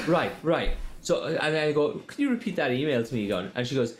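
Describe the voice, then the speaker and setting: A man co-hosting a podcast, telling stories in a casual, animated way and swearing freely. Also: fairly high pitch, quick pace, hardly any pauses, roomy sound, over a noisy crowd. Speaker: podcast co-host. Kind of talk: casual chat.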